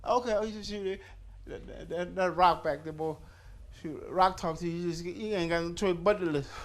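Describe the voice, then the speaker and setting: A man's voice: high-pitched, fairly quick, slight background noise. A man in his fifties doing a stand-up comedy set on stage, rambling loosely and working the crowd. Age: 50s. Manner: loose rambling delivery with crowd work and acted-out quotes.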